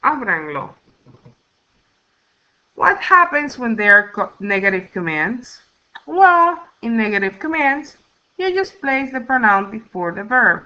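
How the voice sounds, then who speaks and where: Woman, language teacher, narrated lesson recording, slow methodical delivery, dull lo-fi sound. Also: a little high, sing-song, sharp tone. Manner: slow, careful explaining with counting steps. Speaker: Spanish teacher. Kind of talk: recorded slide lecture.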